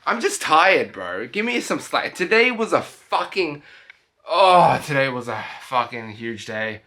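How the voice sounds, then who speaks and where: A tipsy, tired young travel vlogger rambles through a casual late-night video, his loose speech constantly breaking off and starting again. His voice is mid-range, very animated, and sharp in tone, delivered a little slowly, with a faint hiss or hum in the background.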